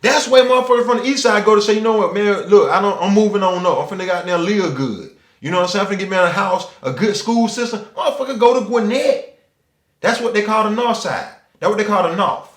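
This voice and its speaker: A high-pitched man with an Atlanta Southern accent talks loosely and profanely, tossing in fillers and acting out the people he quotes. His voice bounces around a roomy, echoey space. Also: fast talker. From Atlanta, Georgia. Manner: loose, profane street talk with many "you know what I'm saying" fillers. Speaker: channel host. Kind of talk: casual monologue.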